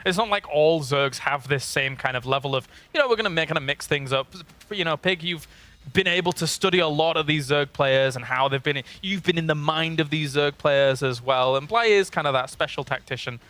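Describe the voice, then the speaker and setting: A man hosting an esports analysis desk, throwing questions to the panel and agreeing quickly. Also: a little high, sharp tone.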